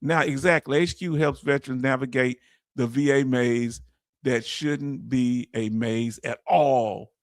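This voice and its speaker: A man hosting a casual livestream, reading chat messages aloud with animated, laughing energy. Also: mid-range voice, a little slow, no echo, studio quality. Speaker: livestream host.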